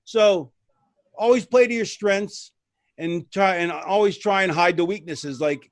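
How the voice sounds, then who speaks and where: Casting: man, high voice, dry close sound, rambling anecdote-teller, loose and casual. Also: a little slow, no echo. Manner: rambling, restarts, lively retelling with voices. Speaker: retired wrestler guest. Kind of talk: casual storytelling.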